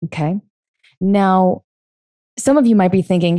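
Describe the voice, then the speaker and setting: A woman's voice: mid-range voice, unhurried, pauses often, dark tone, dry recording, studio quality. A middle-aged woman hosting a solo podcast as a life coach, talking earnestly and often checking in with "okay?".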